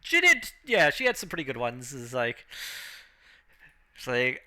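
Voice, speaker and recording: A man narrating as game master of a tabletop game, acting out the crowd and announcer in an animated way. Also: a little high, measured pace, long pauses.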